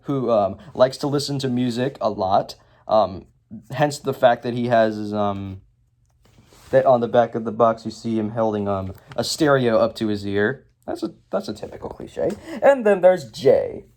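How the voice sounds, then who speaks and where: A man's voice: medium pitch, darkish tone. A young man casually reviewing a movie, rambling with lots of ums and sarcastic asides.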